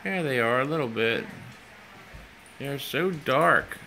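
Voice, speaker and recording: Guy baby-talking his cat n dog at home, lively sing-song, bit gravelly. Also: medium pitch, slow, rough recording. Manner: coos and baby-talks to the pets, playful. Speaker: pet owner filming at home. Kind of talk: casual pet talk. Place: home room. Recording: home video with noise.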